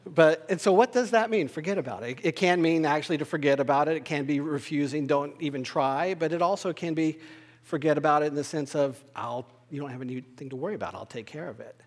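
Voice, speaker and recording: Bible teacher, male, slightly high and husky voice, measured lecture delivery, long reverb. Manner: measured, thoughtful explanation with occasional fillers. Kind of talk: explanatory Bible study lecture.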